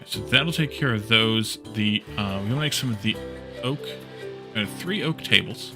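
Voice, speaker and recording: With music in the background, a man with a fairly low voice talks at a moderate pace while streaming a building game. He's relaxed, thinking through his crafting aloud and responding to viewer chat.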